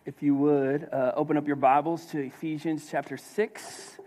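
A man's voice: on the high side, level tone, moderate pace, a little mellow, faint music behind. A man pastor preaching a sermon in a loose, conversational way, with many filler words and restarts.

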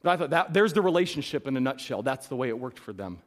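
Emphatic preacher in an echoing hall. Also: male voice, medium pitch, sing-song, fast. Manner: rising to loud emphatic peaks, then dropping to soft reflection. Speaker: pastor. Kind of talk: sermon. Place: church sanctuary. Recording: long reverb of a hall.

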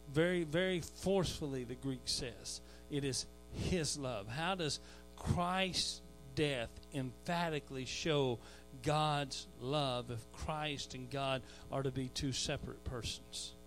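A man preaching a verse-by-verse sermon as pastor. He rises to shouted emphasis on key phrases and sometimes repeats a word as he restarts. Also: mid-range voice, slow, faint music behind, poor audio. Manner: repeats words when restarting. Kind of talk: expository sermon.

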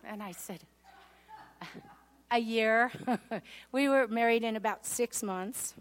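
Earnest woman sharing her testimony. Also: unhurried. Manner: earnest and heartfelt, voice dropping low on painful memories. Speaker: speaker giving a personal testimony. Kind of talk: testimony sermon with scripture readings.

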